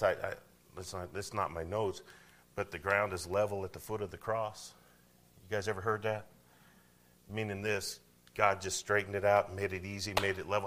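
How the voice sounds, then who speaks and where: A man preaching a sermon, talking conversationally and asking the congregation questions, swinging from loud to hushed. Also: low-pitched. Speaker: pastor.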